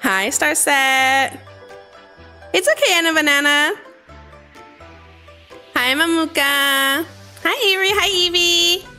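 A woman streaming a game live, chatting with viewers in a bubbly, excitable way and breaking into sudden squeals. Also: sits high, slow pace, pauses often. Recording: faint game music behind.

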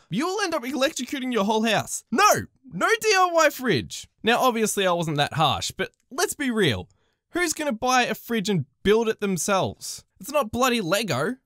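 A woman with an Australian accent narrating retail stories in an exaggerated, sarcastic, expressive way. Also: a little high, dry recording, clean studio sound. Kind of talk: animated story-time narration.

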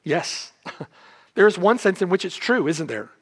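A man with a high-pitched voice delivers an expository sermon. He presses his points with rhetorical questions and repeated phrases. The sound carries a long reverb from a church hall. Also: very animated, measured pace. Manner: emphatic preaching with rhetorical questions. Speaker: pastor. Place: church sanctuary.

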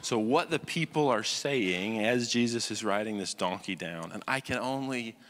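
A bright-voiced pastor preaching in a reverberant hall. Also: male voice, on the low side, moderate pace. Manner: conversational preaching with rhetorical check-ins; acts out quoted voices, swings from loud to hushed. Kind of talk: sermon. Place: church sanctuary.

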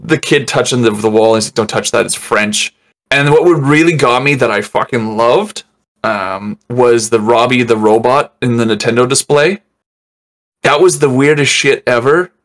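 Man, casual movie-review host, rambles, curses, mimics scenes; mid pitch. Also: a bit bright. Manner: rambling, swearing, acts out scenes in voices.

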